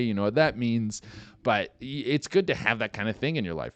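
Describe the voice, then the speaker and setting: A man hosting a podcast in casual, rambling talk, full of swearing and fillers, getting animated when excited. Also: on the low side, a little fast, no room sound, lo-fi sound. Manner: rambling, profane, lots of "like" and "dude". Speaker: podcast host.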